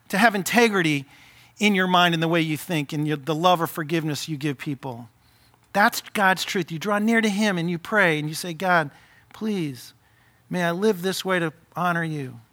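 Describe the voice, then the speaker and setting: A male pastor delivers a sermon with impassioned urgency, his voice rising to emphatic peaks. His tone sits high and bright, with a sharp forward edge.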